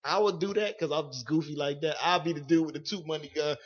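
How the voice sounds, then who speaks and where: A man talks quickly in rowdy podcast banter, his voice a little high. He laughs a lot and cuts in with repeated calls for attention. The recording is dull and lo-fi. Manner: fast, laughing, repeats "hey" to cut in. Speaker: podcast co-host. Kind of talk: casual comedic chat.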